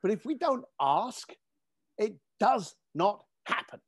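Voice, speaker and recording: A man telling an emphatic story as a podcast guest, animated and casually swearing. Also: sits high, takes it slowly, breathy edge, no room sound, clean studio sound. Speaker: podcast guest, speaker and coach.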